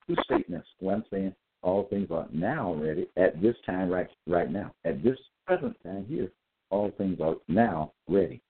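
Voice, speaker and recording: A man giving a solo lecture, reading out verses, repeating his points and asking listeners whether they got it. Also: sits low. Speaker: self-styled preacher. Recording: tinny phone-like audio.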